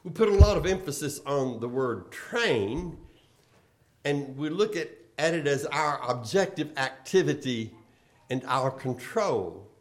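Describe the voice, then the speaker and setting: A man preaching a sermon, posing rhetorical questions and swinging between emphatic and quiet delivery. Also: on the high side, expressive, a little slow. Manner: rhetorical questions, emphatic rises and drops in volume.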